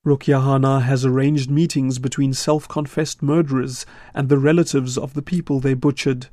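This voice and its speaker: A man reporting a radio news feature in a measured, scripted voice-over from a studio. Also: medium pitch, dry recording. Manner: measured, steady delivery.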